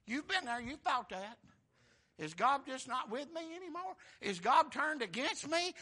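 A preacher with a very high voice and a sharp, piercing edge delivers a sermon. He speaks in a folksy way, drops to quiet asides, then reads scripture loud and slow as he builds up. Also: lively intonation. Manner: folksy, rhetorical questions to the congregation.

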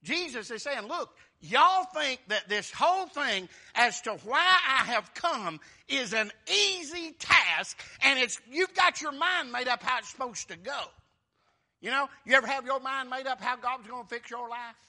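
A male preacher giving a folksy, animated sermon and acting out the scripture characters. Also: very high-pitched, unhurried.

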